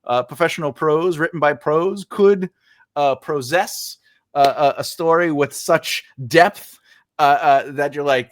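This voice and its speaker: A man's voice: on the high side, unhurried, dry recording, studio quality. A man with a Brooklyn accent hosting an interview, joking, making puns and rambling with many fillers. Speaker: podcast host. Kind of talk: casual interview chat.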